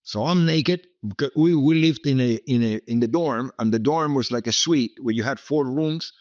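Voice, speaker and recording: In this storytelling interview, the guest is a Cuban businessman in his seventies who speaks with a Cuban Spanish accent, Spanish being his native tongue. His medium-pitched, somewhat dark voice keeps a moderate pace as he rambles and repeats himself, punctuating points with "okay?" There is no echo, and the audio is dull.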